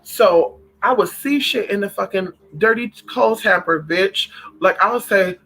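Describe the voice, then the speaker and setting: A man hosting a spiritual livestream, chatting casually with viewers in an animated, profane way, calling them honey and girl. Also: high voice, unhurried, poor audio.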